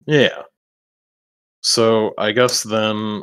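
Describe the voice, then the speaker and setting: Talking at normal speed in a low, slightly bright voice, a man plays a tabletop RPG and chats casually both in and out of character. It's loose and rambling, full of swearing and laughter between lines.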